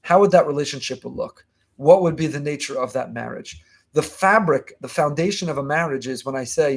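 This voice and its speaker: A man giving a fast, emphatic Torah lesson as a rabbi, repeating key phrases. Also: on the high side, creaky. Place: online class.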